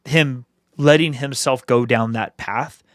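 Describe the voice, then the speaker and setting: A man's voice: mid-range voice, slow pace, fairly bright tone, no room sound, studio quality. A man co-hosting a casual review podcast, talking things through in a thoughtful, reflective way. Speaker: podcast co-host.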